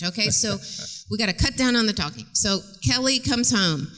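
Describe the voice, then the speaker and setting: A middle-aged woman gives a chatty, animated talk in a church, telling stories, acting out voices and laughing often. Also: medium pitch, moderate pace. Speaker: guest speaker and parenting teacher. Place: church sanctuary stage. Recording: long reverb in a large church.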